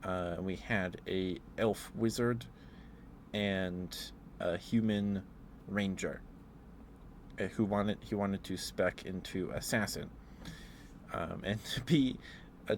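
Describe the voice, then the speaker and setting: A man in a soft-spoken ASMR ramble, telling meandering stories with fillers and chuckles. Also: deep voice, a little hiss or hum. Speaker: ASMR streamer.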